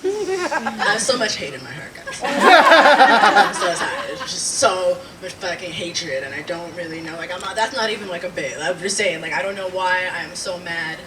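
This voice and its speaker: A woman in her twenties or thirties doing a stand-up comedy set, rambling and animated, swearing and laughing at her own jokes. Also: fairly low pitch, normal speed, a loud crowd. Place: small live comedy venue. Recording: distant mic with audible room noise.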